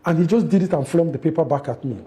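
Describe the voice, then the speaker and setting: A middle-aged man, telling a family story in an interview, animated and acting out the quotes, with frequent restarts. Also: on the high side, fast. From Nigeria. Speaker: interview guest, father.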